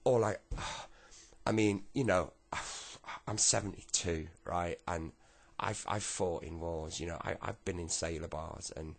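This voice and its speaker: A man's voice: deep voice, measured pace, creaky, hardly any pauses, exaggerated voice. A man playing a distraught seventy-two-year-old grandfather who stammers, sighs and keeps breaking off. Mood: shaken. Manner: stammering, sighing, breathless.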